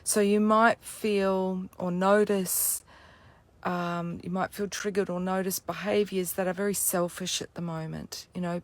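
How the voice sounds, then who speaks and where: Low-pitched lady musing about astrology, lots of "you know", "yeah", dry sound. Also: a little mellow, no echo. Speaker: astrology teacher. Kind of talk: spiritual talk to camera.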